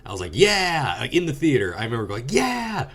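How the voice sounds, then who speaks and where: Deep-voiced man in casual movie chat. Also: rapid-fire, husky. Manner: blunt, profane, animated storytelling. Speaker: podcast co-host.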